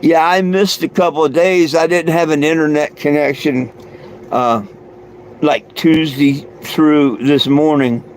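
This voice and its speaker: A man's voice: a little high, steady tone, a little slow, a little hiss or hum. A man hosting his own livestream, chatting loosely with many fillers and restarts and chuckling often. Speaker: livestream host. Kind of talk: rambling casual livestream chat.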